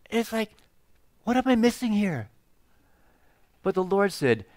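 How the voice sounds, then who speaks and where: A man retells a scripture story as a relaxed, humorous sermon. He sprinkles in asides and jokes. His voice sits a little high, and the recording is close and dry with no room echo. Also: a little slow, pauses often. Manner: joking, conversational, many "you know" asides. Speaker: pastor.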